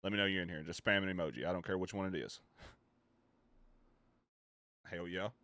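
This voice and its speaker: A man streams live and chats with his viewers, swearing and joking as he rambles from one thought to the next. His voice sits low but cuts through with a bright, forceful tone. The sound is dry and close, with no room echo. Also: rapid-fire.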